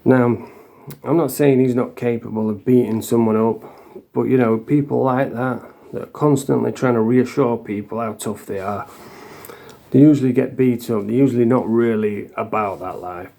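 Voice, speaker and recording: A vlogger from the Doncaster area of England tells blunt, rambling stories to camera in a Yorkshire accent, swearing often. His mid-range voice is creaky and dark, with fairly even intonation at normal speed.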